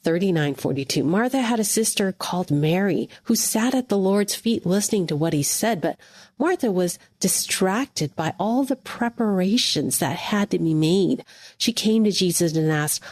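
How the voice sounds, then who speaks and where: A woman's voice: mid-range voice, lively intonation, a little slow, darkish tone, no echo, studio quality. A woman hosting a devotional podcast, speaking earnestly and encouragingly straight to the listener. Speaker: podcast host.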